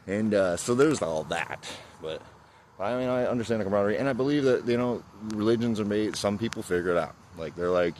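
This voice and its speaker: A man's voice: sits low, brisk, a little hiss or hum. A man vlogging in a casual, rambling rant, swearing often and calling the listener "bro" and "dude".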